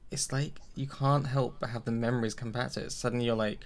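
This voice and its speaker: Gravelly relaxed man podcaster. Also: medium pitch, fast. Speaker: podcast co-host. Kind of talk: casual chat.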